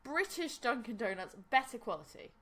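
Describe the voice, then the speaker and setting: A young American woman co-hosting a podcast, telling animated, ranting stories full of "like" in casual chat. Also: a little high, moderate pace, a loud crowd. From United States. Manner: animated, ranting storytelling with frequent "like". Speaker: podcast co-host.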